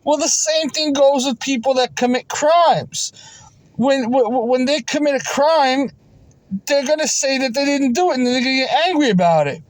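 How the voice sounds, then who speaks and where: Aggrieved New man with a high voice. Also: moderate pace, dry recording, poor audio. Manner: aggrieved, repetitive, insistent; frequent stammered restarts. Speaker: vending route operator. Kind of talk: casual storytelling to camera.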